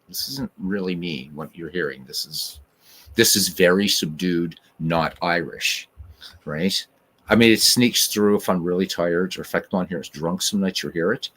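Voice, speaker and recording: A man's voice: sits low, normal speed, a bit bright, breathy edge. A man hosting a podcast in casual chat, rambling and drifting off on tangents. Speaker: podcast host.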